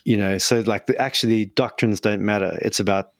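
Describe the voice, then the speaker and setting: A man's voice: on the low side, steady tone, brisk, no room sound. A man in a casual theological discussion, explaining terms thoughtfully and often restarting his sentences.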